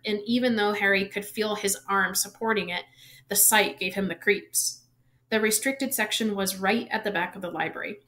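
Expressive woman reading a story aloud. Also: medium pitch. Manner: expressive, lifting for suspense and dropping softly at sentence ends. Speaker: reader.

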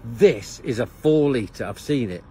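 A man with a raspy voice, ranting and accusing outdoors on a street. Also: medium pitch, expressive, a little slow, dark tone, a little hiss or hum. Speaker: angry protester at a car.

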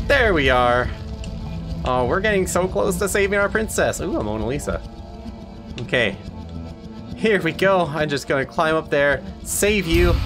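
A man hosting a let's play, reacting to the game aloud in an excitable, exclaiming, self-mocking way. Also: mid-range voice. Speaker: gaming channel host. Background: game music.

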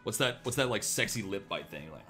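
An excitable man talks through a strategy game, veering between mutters and loud jokey outbursts. His pitch swings widely as he reacts. Faint music plays underneath. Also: brisk. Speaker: gameplay streamer. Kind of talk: casual gameplay commentary.

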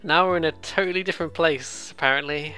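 Giggly, bright-voiced let's play host. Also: medium pitch, soft background music. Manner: giggly, self-deprecating, quick asides. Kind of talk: casual game commentary.

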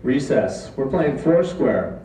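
A man tells a funny true story to a live audience in a deadpan, mock-dramatic way. His voice is caught from a distance in an echoey room. There is a faint hum of ambience behind him. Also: mid-range voice, takes it slowly. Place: live stage before an audience.

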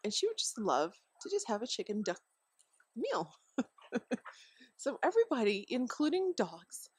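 A woman's voice: on the high side, wildly swooping pitch, measured pace, a little mellow, slight background noise. A woman giving casual parenting advice to the camera outdoors, rambling with many fillers and frequent chuckles. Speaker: homeschooling parent vlogger. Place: outdoors at home by a deck with chickens.

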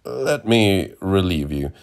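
A man's voice: low voice, very animated, slow, gravelly, exaggerated voice. A man voicing a servile, hesitant male innkeeper who gropes for his words, read as part of a storybook narration. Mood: fawning.

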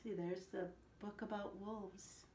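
A woman telling a picture-book story to children, animated and asking them questions along the way. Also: medium pitch, slow pace. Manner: animated, asks the listeners questions. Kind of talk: picture-book read-aloud. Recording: echoey room.

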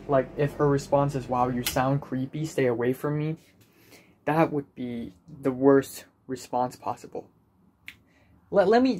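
Young guy venting anxiously to camera, repeats himself a lot, voice a little high. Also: a little mellow, a little hiss or hum. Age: young adult. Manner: anxious, self-deprecating rambling with repetitions. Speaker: vlogger. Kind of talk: personal video diary.

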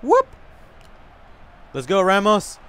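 A young man commentating his own soccer video game live, excitable and swearing, whooping and yelling at big plays. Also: high voice, takes it slowly, clear, resonant tone. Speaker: gamer.

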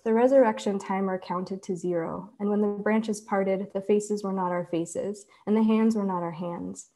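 A woman author reading her own fiction aloud in a measured, deliberate way. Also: mid-range voice, steady tone, warm tone. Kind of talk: literary reading.

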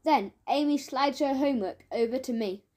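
Woman, audiobook narrator, high-pitched, lively, cheeky, first-person. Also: normal speed. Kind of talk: children's audiobook reading.

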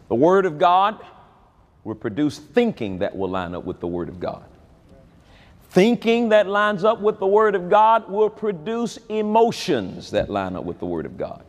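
A man preaching a sermon at a large convention, with an animated delivery that swings between loud high calls and low quiet asides. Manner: animated preaching with wide swings in pitch and loudness. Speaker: pastor.

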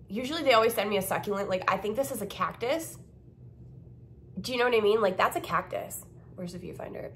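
Young woman vlogger, casual and blunt, swears freely, ordinary pitch, faint noise behind. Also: fairly bright tone. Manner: blunt, profane, ranting. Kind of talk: casual vlog chat.

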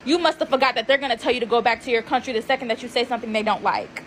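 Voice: medium pitch, rapid-fire, fairly bright tone, slight background noise. A woman in a heated, profane social media callout rant.

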